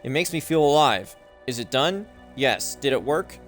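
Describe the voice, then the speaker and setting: A young man hosting a gaming channel, reading game text aloud slowly, stumbling and correcting himself, now and then swearing when confused. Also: mid-range voice, animated, fairly bright tone, faint music behind.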